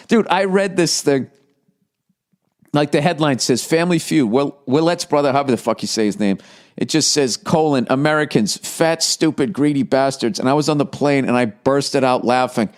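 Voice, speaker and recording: A man's voice: mid-range voice, normal speed. A man hosting a casual comedic monologue, rambling and swearing, laughing as he reads an article aloud. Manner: profane, rambling, laughing while reading aloud. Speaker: podcast host.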